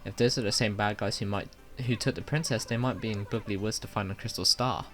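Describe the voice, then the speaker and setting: A man's voice: fairly low pitch, steady tone, fast, a bit bright, soft background music, close to an everyday voice. A man voicing a spunky young female goomba companion in a game, blunt and teasing.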